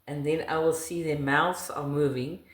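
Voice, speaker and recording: A woman's voice: low voice, fairly even intonation, normal speed, reverberant. A middle-aged South African woman, her first language Afrikaans, with an Afrikaans accent, talking in a casual interview in an emphatic, laughing way.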